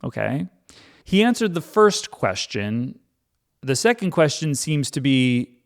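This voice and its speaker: A man's voice: mid-range voice, big pitch swings, takes it slowly, gravelly. A man reading the Bible aloud and commenting on it casually with a sarcastic, irreverent manner. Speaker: Bible reading channel host.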